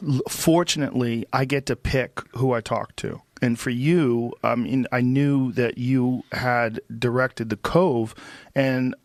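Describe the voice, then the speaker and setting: A man hosting a podcast interview, talking in animated, quick bursts and swearing casually. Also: medium pitch, dry recording, clean studio sound. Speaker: podcast host.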